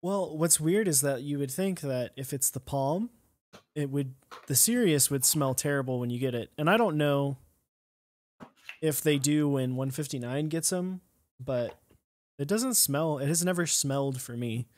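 A co-host chatting in a relaxed, easygoing way on a casual talk show. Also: medium pitch, a little slow. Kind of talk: casual chat.

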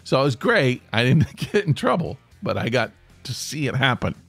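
Lively, animated male podcast storyteller. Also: mid-range voice, moderate pace, creaky, husky, dry recording, soft background music. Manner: animated, self-deprecating, laughs mid-sentence. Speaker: podcast host. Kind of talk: comic storytelling.

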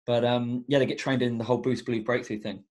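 On a casual podcast, a young male education coach talks fast in a mid-range, slightly mellow voice with a level tone. He is earnest and reflective, and his speech carries many fillers.

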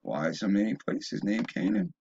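A man's voice: lowish voice, animated, moderate pace, vocal fry, a little mellow, husky, lo-fi sound. A man delivering a rambling opinion monologue, often stumbling and restarting, then rising into emphatic bursts. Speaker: video blogger.

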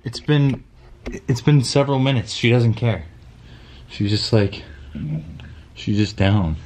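A man's voice: medium pitch, takes it slowly, very noisy. A young man vlogging casually and slipping into playful baby talk with his dog. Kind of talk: casual vlog chat.

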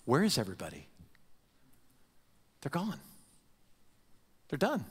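A man preaching a sermon as pastor, animated and given to stumbling over and repeating his words, acting out the voices he quotes. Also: on the high side, slow pace, husky. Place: church sanctuary. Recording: long reverb of a church hall.

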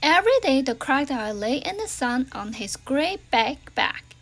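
A woman reading a children's storybook aloud in an expressive way, swinging between loud and hushed. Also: high voice, moderate pace, hardly any pauses. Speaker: storybook reader.

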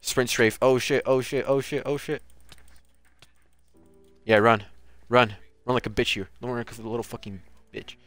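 A man's voice: mid-range voice, fairly even intonation, moderate pace, a bit bright, dry recording, faint music behind. A man streaming a video game, commenting live with casual, profane trash-talk at other players.

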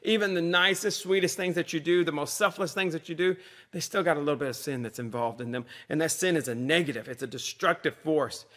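A man's voice: fairly high pitch, a little fast, a bit bright. A man, a pastor giving a conversational sermon with repeated refrains.

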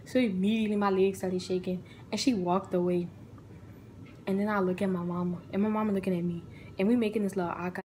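Lively young woman telling a storytime. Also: mid-range voice, fast, a little hiss or hum, rough recording. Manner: animated, acts out the people in her story. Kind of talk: casual storytime vlog.

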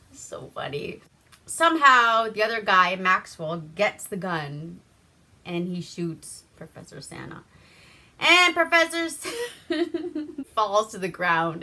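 A woman's voice: a little high, bright, forceful tone. A woman from Alaska hosting a casual, profane movie review, laughing often and acting out characters' lines. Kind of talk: casual movie recap with swearing.

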